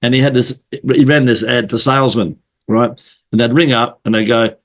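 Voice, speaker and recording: Man, podcast host, casual chat, salty storyteller, mid-pitched voice. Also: steady tone, moderate pace. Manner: storytelling, swears, acts out quoted voices.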